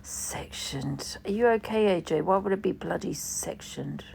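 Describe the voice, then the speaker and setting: A woman chatting casually on a livestream, rambling and swearing as she goes. Her voice is deeply gravelly and fairly low, and she takes her time with each phrase. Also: unhurried, darkish tone, a little hiss or hum. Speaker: livestream host. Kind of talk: casual chat.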